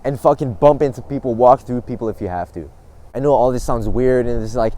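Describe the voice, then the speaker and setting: Brash young man with a mellow voice. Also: mid-range voice, brisk. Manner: blunt, swears often, laughs at himself. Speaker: self-improvement vlogger. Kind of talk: casual advice monologue.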